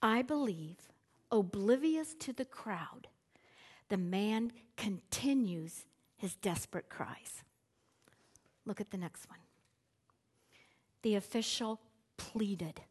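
A woman preaching a Bible teaching, dramatic and deliberate, acting out the people in the story and dropping to near whispers. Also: mid-range voice, animated, slightly rough. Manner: dramatic, acts out quoted voices. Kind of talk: sermon.

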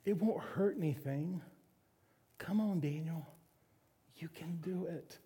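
A man voicing a sly male inner voice of temptation, soft and wheedling. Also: a little high, slow, breathy edge, full character voice. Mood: coaxing.

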